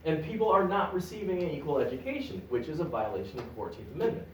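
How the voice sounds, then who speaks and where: A man giving a public lecture at a library, animated and joking with the audience. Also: fairly high pitch, quick pace, few pauses, a little hiss or hum. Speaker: guest lecturer. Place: public library meeting room. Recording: echoey room, recorded from a distance.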